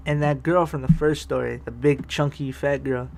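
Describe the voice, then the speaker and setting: A man's voice: mid-range voice, fairly even intonation, moderate pace, gravelly. A man telling a rambling personal story on a vlog, swearing freely, restarting sentences and laughing often. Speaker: vlogger telling personal stories. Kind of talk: casual storytelling.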